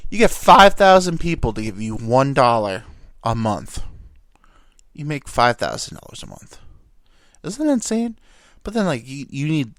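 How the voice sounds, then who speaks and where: Rambling young man, lively pitch. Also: dry recording, clean studio sound. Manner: rambling, stammering, casual swearing. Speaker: podcast host. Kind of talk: rambling comedic monologue.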